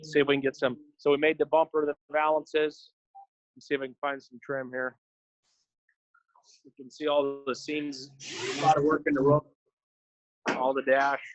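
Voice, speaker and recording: A man's voice: fairly high pitch, level tone, normal speed, long pauses, lo-fi sound. A middle-aged man walking through a car build in his workshop, listing the parts in short, matter-of-fact phrases. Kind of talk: casual walkthrough explaining a build.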